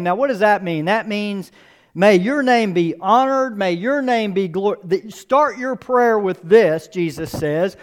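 High, clear-voiced man preaching. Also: animated, measured pace. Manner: emphatic, repeats key phrases, rising for emphasis. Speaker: pastor. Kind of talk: sermon.

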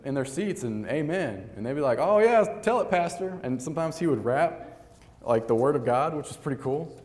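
A man's voice: mid-range voice, darkish tone, big-room sound. A man preaching a sermon, reading scripture aloud and telling stories in an earnest, conversational way.

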